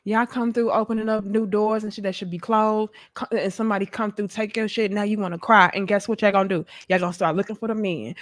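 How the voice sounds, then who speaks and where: A young adult woman, delivering a profane, animated commentary rant and acting out mocking voices. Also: medium pitch, quick pace, few pauses. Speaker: commentary host. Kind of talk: ranting commentary monologue.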